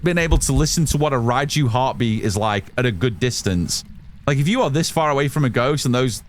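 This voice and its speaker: Gaming live, a man talks to his stream chat in a loud, excitable, casual way, cursing without restraint. His voice is mid-range, and there's a little hiss or hum in the recording.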